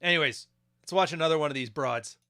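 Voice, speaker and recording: A man's voice: on the high side, fast talker, vocal fry, sharp tone. A man giving crude, mocking casual commentary while reacting to videos. He keeps acting out quoted voices.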